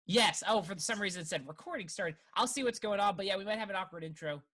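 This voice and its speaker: Young male co-host, higher, bright, tense voice, chatty and laughing easily. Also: fast talker. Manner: laughs often, restarts sentences. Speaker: podcast co-host. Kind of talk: casual chat.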